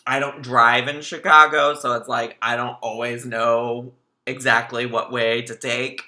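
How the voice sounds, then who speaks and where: A man's voice: mid-range voice, measured pace. A man hosting a livestream, chatting casually and telling stories animatedly to his viewers. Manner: chatty, animated storytelling, addresses viewers as y'all. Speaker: livestream host. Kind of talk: casual reaction commentary.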